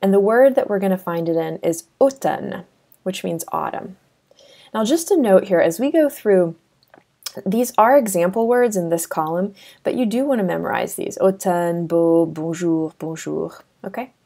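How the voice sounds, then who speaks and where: A woman's voice: medium pitch, animated, moderate pace, dark tone. A woman teaching a French lesson over a screen recording, chatty with many fillers and restarts.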